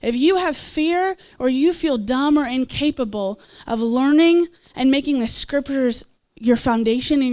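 A woman's voice: high-pitched, a little slow, few pauses, a little mellow. A woman preaching and leading prayer at a church gathering, earnest and encouraging, with small asides and laughs. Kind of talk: sermon and altar call.

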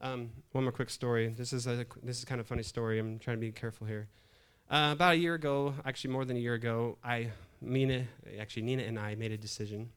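A middle-aged pastor tells a funny story from the pulpit, laughing often as he animatedly narrates this humorous sermon. His voice is mid-range, clear and resonant, and he talks at a quick pace with few pauses.

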